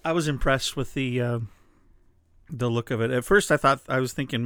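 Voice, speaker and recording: A man's voice: mid-range voice, normal speed, clear, resonant tone, no echo. A man co-hosting a podcast in casual chat, with a slight lisp from new bottom teeth, carefully enunciating his words. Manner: relaxed, chatty, enunciating carefully. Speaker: podcast co-host.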